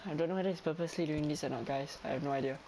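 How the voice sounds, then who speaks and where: A young man with a Singaporean English accent giving excitable, pleading commentary over live gameplay. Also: on the high side, racing, background noise. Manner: excitable, pleading and whiny with teammates, breaks into laughs. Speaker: gamer streamer.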